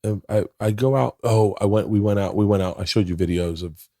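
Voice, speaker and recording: A man's voice: fairly low pitch, a little fast, dark tone, dry recording, studio quality. A man in his forties, a podcast guest, telling a rambling story with lots of swearing and self-talk in casual chat. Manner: rambling storytelling, heavy swearing, acts out his own inner voice.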